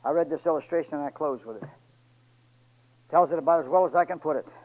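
A man preaching a sermon and retelling a story, pleading with his church and swinging between loud and hushed delivery. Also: on the high side, quick pace, highs cut off.

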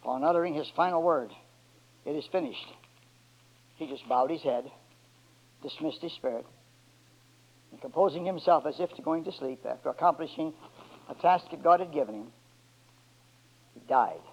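A man preaching a sermon, moving from quiet low passages to loud, drawn-out, shouted climaxes with emphatic words that call for a response. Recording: dull lo-fi church recording.

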